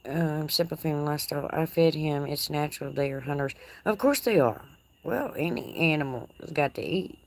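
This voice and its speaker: Low-voiced folksy Texas woman. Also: fairly quick. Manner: folksy, teasing, laughs often. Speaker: livestream host. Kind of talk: casual live chat reading comments. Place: outdoor porch. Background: crickets.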